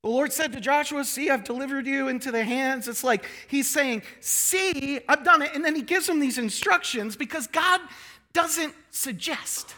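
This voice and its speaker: A man's voice: very high-pitched, normal speed. A man in his thirties preaching a sermon, joking and acting out quoted voices. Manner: animated, joking, acts out quotes in changing voices. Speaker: pastor.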